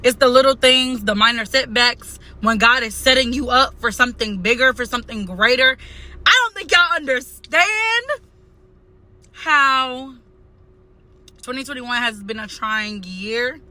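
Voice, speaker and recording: A woman's voice: on the high side, unhurried, sharp tone. A young woman chatting casually to her viewers in a vlog, repeating phrases and calling them y'all, recorded outdoors on a phone camera. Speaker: vlogger.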